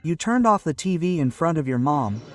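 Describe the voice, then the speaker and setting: A man from Northeast Brazil, telling animated stand-up stories about his childhood and constantly checking in with the crowd. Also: a little high, moderate pace, far from the mic. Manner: animated storytelling with frequent tag questions. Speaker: stand-up comedian. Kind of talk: stand-up comedy set. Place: stage in front of a live audience.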